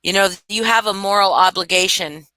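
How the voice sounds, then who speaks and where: An older woman, a grandmother, hosting a casual live-stream chat, telling animated stories that are peppered with swearing and laughter. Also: medium pitch, fairly quick, no echo. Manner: swears freely, laughs often, animated storytelling.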